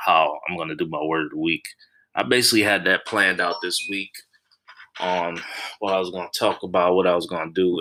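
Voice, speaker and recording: A man's voice: sits low, sharp tone. A man hosting a solo podcast, talking in a blunt, profane, casual way with many restarts. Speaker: podcast host.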